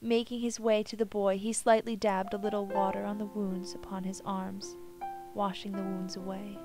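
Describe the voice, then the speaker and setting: A woman narrating a sad story slowly, in a hushed, sorrowful voice that often drops to a whisper. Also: mid-range voice, level tone. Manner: slow, hushed, sorrowful delivery. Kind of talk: dramatic story reading. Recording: music playing behind.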